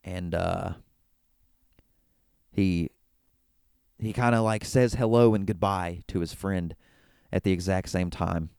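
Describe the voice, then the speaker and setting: A man's voice: deep voice, steady tone, slow, vocal fry, long pauses, darkish tone, clear, resonant tone, no echo, studio quality. A man hosting a solo wrestling talk show, recapping an event in an enthusiastic, rambling way with frequent restarts. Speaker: wrestling podcast host. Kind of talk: casual solo commentary.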